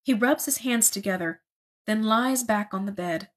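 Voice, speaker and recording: A woman reading a novel aloud in a measured, expressive narrating voice. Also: mid-range voice. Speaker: reader.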